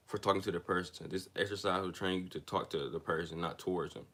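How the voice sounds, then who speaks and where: Very low-voiced man reading aloud. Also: steady tone, quick pace, few pauses, sharp tone. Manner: stumbles and restarts while reading, drifts into loose slangy chat. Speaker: reader of a self-help book on a channel. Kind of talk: reading aloud with casual asides.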